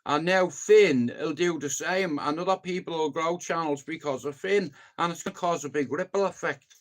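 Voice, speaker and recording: High-voiced Dublin man, foul-mouthed, fervent vlog rant. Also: normal speed. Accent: Dublin Irish. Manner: profane, fervent, shifts from loud bursts to low mutters. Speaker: YouTuber.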